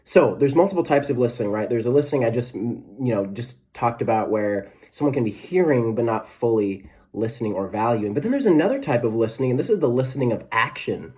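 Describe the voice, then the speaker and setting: A man's voice: mid-range voice, lively intonation, quick pace, few pauses, a little mellow. A man in his twenties preaching a casual, conversational sermon as a pastor, with self-deprecating asides and frequent "right?" tags. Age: 20s.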